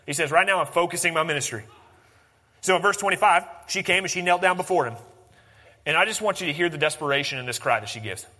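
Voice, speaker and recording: A man preaching a sermon, swinging from animated emphasis to hushed, intense lines. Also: on the high side, quick pace, big-room sound. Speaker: pastor.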